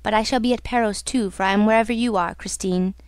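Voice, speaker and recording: A woman's voice: mid-range voice, fairly even intonation, fast, clear, resonant tone, no echo, clean studio sound, lightly acted. A woman reading the part of a mysterious hidden male voice, solemn and possessive.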